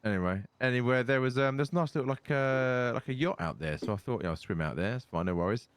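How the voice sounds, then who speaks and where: A man's voice: medium pitch, animated, quick pace, clear, resonant tone, dry recording. A tired man rambling and swearing in casual in-character chat while roleplaying in an online crime game.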